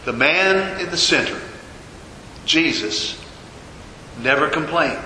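Bright-voiced preacher in an echoey hall. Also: male voice, a little high, lively intonation. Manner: storytelling preacher, dramatic pauses and repetition. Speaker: pastor. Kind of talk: sermon. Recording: echoey hall with long reverb, faint noise.

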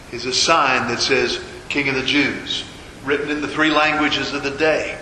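A man preaching a sermon as a pastor, telling a story with dramatic pauses and repetition. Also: mid-range voice, sharp tone. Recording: echoey hall with long reverb, faint noise.

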